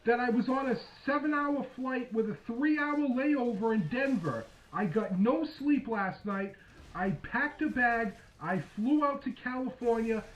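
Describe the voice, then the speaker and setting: A man calmly and patiently explaining himself during a heated phone argument. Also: extremely high pitch. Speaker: host. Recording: dull lo-fi sound.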